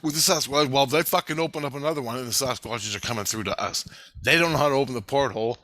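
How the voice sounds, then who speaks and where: A man recounting a dream in a rambling first-person account, excitable and profane, often repeating himself. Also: medium pitch, fast talker, dry recording. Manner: excitable, profane, repetitive storytelling.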